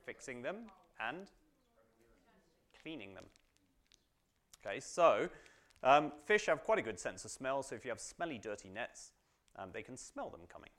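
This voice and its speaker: A man's voice: medium pitch, big pitch swings, normal speed, pauses often, fairly bright tone. A man teaching a Bible study to a small group in an informal, chatty way, full of "um"s and "right?"s. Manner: chatty, frequent fillers and tag questions.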